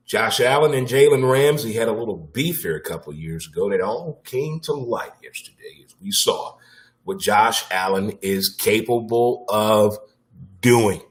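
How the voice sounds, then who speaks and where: Blunt, animated man hosting sports talk. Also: on the low side, moderate pace. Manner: animated, blunt, with casual swearing and repeated punchlines. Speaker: sports talk show host. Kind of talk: casual sports talk monologue.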